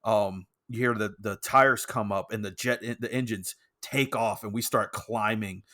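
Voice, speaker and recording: A man co-hosting a casual podcast, telling an animated story full of swearing and laughter. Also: on the low side, normal speed. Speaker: podcast co-host. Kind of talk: casual chat.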